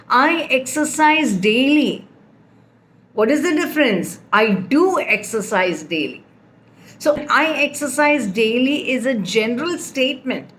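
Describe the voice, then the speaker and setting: A woman's voice: fairly high pitch, fairly bright tone, a little hiss or hum. A woman teaching a grammar lesson, patiently explaining with repeated example sentences. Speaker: English teacher.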